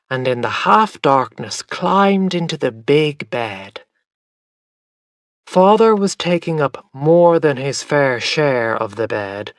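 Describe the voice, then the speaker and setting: A man reading a story aloud for English learners, carefully enunciated and unhurried. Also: mid-range voice, no echo, clean studio sound. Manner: slow, carefully enunciated reading with lively intonation. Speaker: audiobook narrator.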